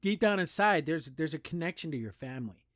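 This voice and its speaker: A man hosting a cartoon review show, chatting casually and enthusiastically, rambling with lots of "like" and "you know" and jumping up in pitch when he praises a scene. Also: lively intonation, brisk, a bit bright, no room sound, studio quality.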